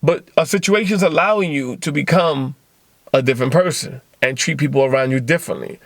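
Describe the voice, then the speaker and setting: A man with a gravelly, somewhat high-pitched voice delivers a blunt motivational podcast monologue, heavy on profanity. He keeps slipping into quick acted-out exchanges. His close mic sounds dry, with no room around it. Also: no echo. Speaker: podcast host.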